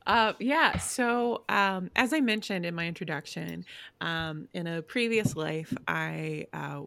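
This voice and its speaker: Young woman podcast guest: low, gravelly fry, filler-heavy storyteller. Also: slow. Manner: rambling, filler-heavy, drops to a hushed voice when quoting others. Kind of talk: casual storytelling chat.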